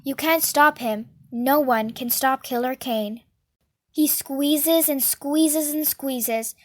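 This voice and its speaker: High-voiced woman reading a novel aloud. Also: slow. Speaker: storyteller.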